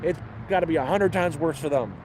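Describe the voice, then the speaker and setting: Out by a city street, a homeless vlogger from Canada answers questions by telling stories, his chat casual, blunt, and profane. He speaks at a fairly high pitch and a fairly quick clip, and background noise can be heard.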